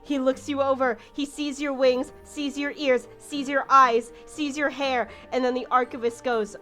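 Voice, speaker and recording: High-voiced woman game master. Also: steady tone, unhurried, hardly any pauses, sharp tone, soft background music. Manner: casual, many fillers and restarts. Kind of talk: narrating a tabletop game.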